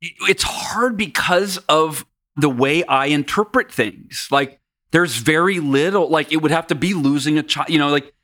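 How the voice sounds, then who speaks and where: Bright-voiced man telling stories. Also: on the high side, measured pace. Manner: animated, self-mocking, trails off quietly. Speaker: podcast guest. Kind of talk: candid personal storytelling.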